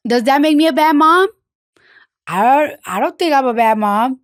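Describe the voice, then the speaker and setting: A woman's voice: high-pitched, lively intonation, normal speed, no echo, clean studio sound. Blunt, foul-mouthed New woman. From the Bronx, New York. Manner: blunt, frank, swears freely, many fillers. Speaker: interview guest. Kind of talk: candid conversational interview.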